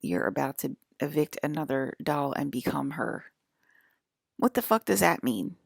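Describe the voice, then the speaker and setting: A woman's voice: low voice, very animated, moderate pace, gravelly, slightly rough, no room sound, studio quality. A woman in her forties hosting a livestream, rambling angrily and swearing at her viewers. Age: 40s. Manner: angry, profane, scolding her viewers; rambling with frequent restarts. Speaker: livestream channel host. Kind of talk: rambling spiritual livestream monologue.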